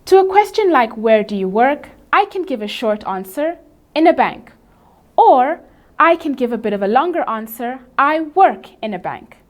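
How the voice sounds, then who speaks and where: A woman teaching an English grammar lesson, explaining rules in a clear, measured way and reading out example sentences slowly and carefully. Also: high voice, big pitch swings.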